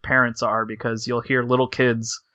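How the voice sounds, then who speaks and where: A man's voice: mid-range voice, flat delivery, normal speed, pushed and bright, no echo, dull audio. A man co-hosting a podcast, talking in a rambling casual way with lots of fillers. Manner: rambling, filler-heavy, laughs easily. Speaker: podcast co-host. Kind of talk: casual chat.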